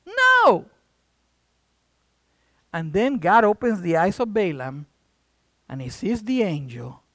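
A man preaches in a loose, conversational way, retelling a Bible story with sound effects and asides. His pitch swings widely, and the sound is dry and close. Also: no room sound. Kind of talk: sermon storytelling.

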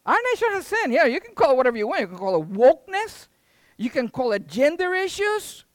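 An emphatic preacher in full sermon, tossing out rhetorical questions and folksy asides. The voice swings widely in pitch and sounds close and dry, with no room echo. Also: sing-song, brisk.

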